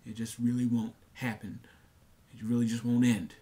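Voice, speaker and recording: A man's voice: mid-range voice, level tone, normal speed, warm tone. Earnest man rambling to camera. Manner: earnest, repetitive, many fillers and restarts. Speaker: vlogger. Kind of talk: casual monologue to camera.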